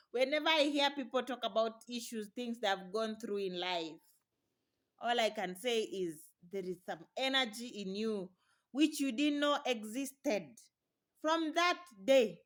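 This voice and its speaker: A young woman talking casually to camera in her vlog, chatty and encouraging, laughing often. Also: fairly high pitch. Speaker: vlogger.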